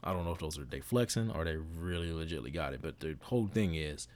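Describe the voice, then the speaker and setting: Low-voiced man rambling a motivational podcast. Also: expressive, fast talker. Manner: casual, repetitive, self-correcting, preachy. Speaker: podcast host.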